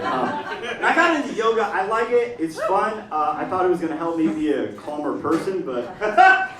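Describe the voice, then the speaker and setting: A man doing a stand-up comedy set on a small stage, talking in an animated way and dropping into quick silly voices. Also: on the high side, echoey room, recorded from a distance, a crowd in the background. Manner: animated, swings into quick put-on voices for jokes. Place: small comedy stage in front of a live audience. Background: audience laughing and clapping.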